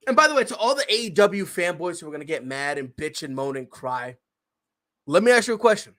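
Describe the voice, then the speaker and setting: A man's voice: on the high side, sing-song, brisk, a bit bright. A man hosting a podcast, ranting in a casual, heated and profane way with lots of swearing. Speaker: podcast host.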